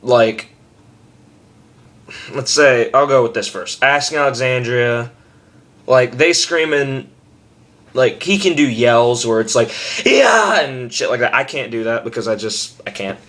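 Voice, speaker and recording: A young man giving a casual, rambling tutorial on screaming, self-deprecating and loose, with sudden loud scream demos. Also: mid-range voice, fairly even intonation, measured pace, pauses often.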